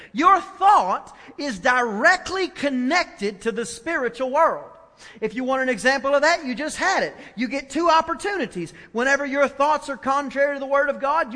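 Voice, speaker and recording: A male pastor preaching a sermon, swinging from soft asides to loud, emphatic declarations. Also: extremely high pitch. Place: church sanctuary. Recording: long church reverb.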